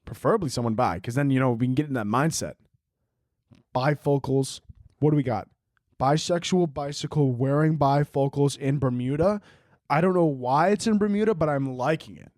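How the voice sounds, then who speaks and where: A man's voice: mid-range voice, moderate pace, darkish tone, dry recording. Young guy rambling on his podcast, swears a ton, goofy tangents, dead dry sound. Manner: rambling, profane, goofy riffing. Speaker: podcast host. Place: room at home, late night.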